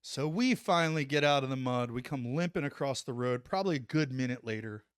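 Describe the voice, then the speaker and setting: A man's voice: medium pitch, brisk, clear, resonant tone, no room sound, clean studio sound. Chatty man spinning a war story. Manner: animated, acts out quotes, says "like" a lot. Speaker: podcast guest, former Army Ranger. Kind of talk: casual storytelling.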